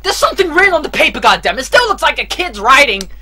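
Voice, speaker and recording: A man's voice: very high voice, sing-song, fast, pushed and bright. A man giving foul-mouthed, rambling commentary while playing a horror game, breaking into screams when startled. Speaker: let's play commentator. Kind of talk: gameplay commentary.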